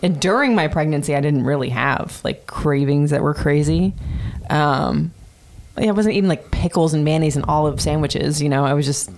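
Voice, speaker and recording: A woman's voice: sits low, moderate pace, a little mellow. A woman in her thirties casually telling a personal story on a podcast, chatty and profane with many fillers. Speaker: podcast host.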